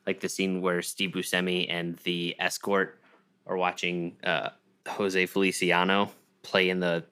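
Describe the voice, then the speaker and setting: A man's voice: low voice, smooth. A man co-hosting a film podcast, talking casually and rambling a little. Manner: rambling, animated when quoting scenes. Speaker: podcast co-host. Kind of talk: casual chat.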